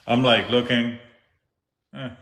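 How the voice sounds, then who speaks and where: A man chatting casually, telling a relaxed story and chiming in briefly. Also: on the low side. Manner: laid-back storyteller, brief backchannels. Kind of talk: casual chat.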